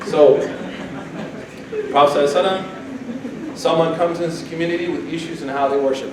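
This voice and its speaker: A man giving a casual, humorous religious talk to a campus group, animated and jokey, acting out quotes. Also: on the high side, a little fast, pauses often. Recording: echoey hall from far off, noisy.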